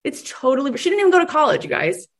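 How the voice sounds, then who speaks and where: Woman host, higher voice, enthusiastic, lively coaching talk, acts out quoted voices. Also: racing. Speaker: podcast host and business coach.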